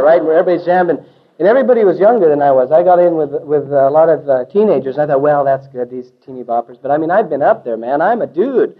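A man giving a church testimony as an animated storyteller, full of hippie slang, swinging from loud bursts to hushed asides. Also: a little high. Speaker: testimony speaker. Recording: dull lo-fi recording.

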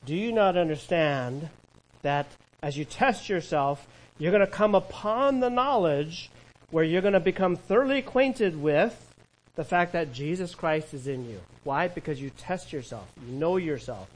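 A man preaching a sermon, animated, acting out quoted voices and asking the congregation questions. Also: fairly high pitch, moderate pace, poor audio. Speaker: pastor.

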